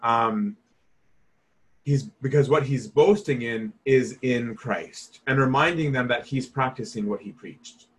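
A man's voice: mid-range voice, unhurried. A man teaching scripture in a casual, conversational way, emphatic and informal, often asking "right?". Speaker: Bible teacher.

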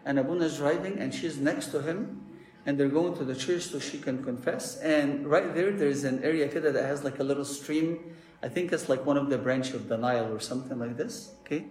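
A priest preaching a sermon, telling stories in a lively way and checking in with "okay?". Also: male voice, a little high. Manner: animated storytelling with frequent "okay?" check-ins. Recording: echoey room.

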